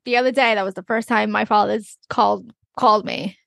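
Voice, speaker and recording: A woman's voice: medium pitch, fairly quick, vocal fry, no room sound, studio quality. A young woman co-hosting a podcast, telling stories in casual chat and laughing often. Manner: laughs often, animated storytelling. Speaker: podcast co-host.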